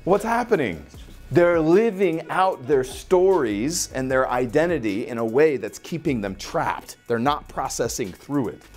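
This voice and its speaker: Blunt, animated male life coach. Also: on the high side. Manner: blunt and profane, animated, acts out little scenes. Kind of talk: motivational podcast talk.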